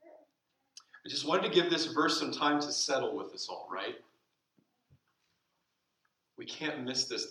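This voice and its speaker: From the pulpit of a church sanctuary, a pastor preaches with a bright, ringing, medium-pitched voice, drawing out key phrases slowly before dropping to soft asides. It's recorded from some distance, with the roomy church audible.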